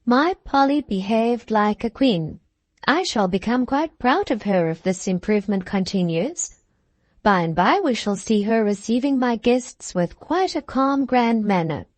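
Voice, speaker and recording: A woman's voice: fairly high pitch, expressive, a little slow, dry recording. A woman reading a genial older father, fond and teasing.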